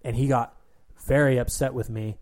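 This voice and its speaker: A man's voice: medium pitch, fairly even intonation, moderate pace, darkish tone. An American man co-hosting a casual podcast, rambling through stories with lots of ums. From United States. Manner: rambling, many ums and restarts. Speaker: podcast co-host. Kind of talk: casual chat.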